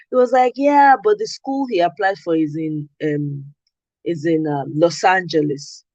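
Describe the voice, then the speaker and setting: Nigerian woman telling an animated story. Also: fairly low pitch, a little slow, dry recording, muffled recording. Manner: animated storytelling, acts out her own quoted replies. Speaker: podcast host. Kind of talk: casual chat.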